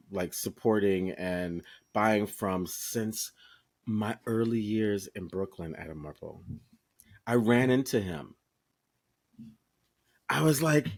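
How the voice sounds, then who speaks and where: A man co-hosting a podcast, chatting casually and telling a lively story, talking straight to listeners and swearing freely. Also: fairly low pitch. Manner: animated storyteller who acts out quoted voices. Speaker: podcast co-host. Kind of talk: casual chat.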